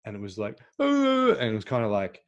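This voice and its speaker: A man hosting a podcast, talking in a halting, casual way with many fillers and restarts. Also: on the low side, steady tone, highs cut off. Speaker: podcast host.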